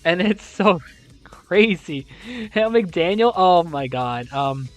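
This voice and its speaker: A young adult esports host runs through league scores and standings, then launches into incredulous, exasperated rants with casual swearing. The voice swings widely and expressively in pitch. Faint music plays underneath. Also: animated, slow pace. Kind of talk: esports league recap and playoff analysis.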